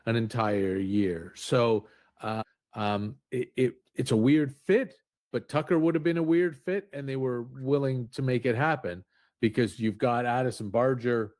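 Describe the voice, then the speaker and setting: A man giving measured baseball analysis in a played-back sports talk clip. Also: medium pitch, a little mellow, dry recording. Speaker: baseball commentator guest.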